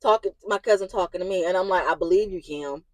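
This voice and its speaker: A woman's voice: fairly low pitch, fast talker, no room sound, rough recording. A young woman from Indiana telling an emotional personal story, agitated and at times raising her voice as she relives an argument. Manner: agitated, rising to yelling in retold arguments. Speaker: vlogger.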